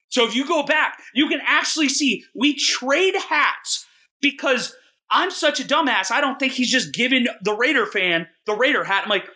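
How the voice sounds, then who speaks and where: A young man co-hosting a podcast, telling a long rambling story in a self-mocking, excitable way. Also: very high-pitched, moderate pace. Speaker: podcast co-host. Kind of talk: casual storytelling chat.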